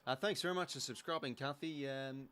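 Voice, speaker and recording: An Australian man hosts a live football watch-along, calling every passage of play in a quick, chatty way. He gets excitable when the action picks up, with a mid-pitched voice. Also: smooth. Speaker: host.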